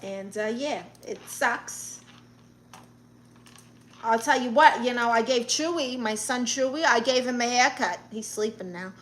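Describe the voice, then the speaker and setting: A brassy, self-admiring Brooklyn auntie who fancies herself a therapist, as a woman puts her on for a livestream. Her voice is bright and forceful, sitting a touch high, and she fires back at the chat with blunt sass and a thick Brooklyn accent. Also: measured pace, slight background noise. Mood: sassy. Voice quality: sassy, blunt, boastful. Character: brash middle-aged Brooklyn aunt posing as therapist. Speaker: livestream host. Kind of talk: in-character livestream chat reading.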